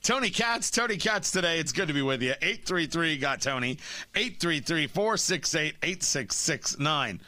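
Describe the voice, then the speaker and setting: Blunt, animated male radio host. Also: a little high, moderate pace, dry recording. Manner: blunt, combative, stammers into restarts. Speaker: radio talk show host. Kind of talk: opinionated talk radio.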